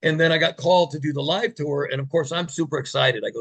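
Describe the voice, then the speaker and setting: Guy telling old stories on a podcast, gravelly, kinda raspy, gets all pumped then goes quiet for quotes. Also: fairly high pitch, fast, low-quality recording. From United States. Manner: enthusiastic, drops soft for quoted moments. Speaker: interview guest, former TV gladiator. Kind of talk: casual storytelling.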